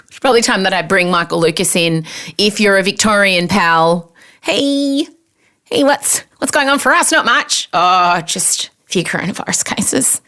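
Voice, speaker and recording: A woman's voice: medium pitch, bright, forceful tone. A woman in her forties with an Australian accent, hosting a podcast in a chatty, self-mocking storytelling manner. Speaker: podcast host. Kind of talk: casual monologue.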